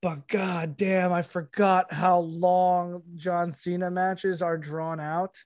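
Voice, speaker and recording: A man's voice: high-pitched, flat delivery, slow pace, a little mellow. A man co-hosting a podcast, rambling and swearing through casual chat, laughing often. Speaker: podcast co-host.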